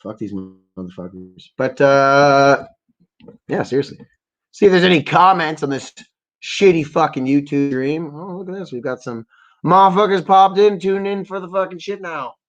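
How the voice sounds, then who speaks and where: A man's voice: a little high, normal speed. Guy ranting on his stream, swearing nonstop, rambly and pissed off, kinda muffled lo-fi audio. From Ontario, Canada. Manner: angry, profanity-laden, rambling. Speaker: livestream host. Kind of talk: profane ranting commentary.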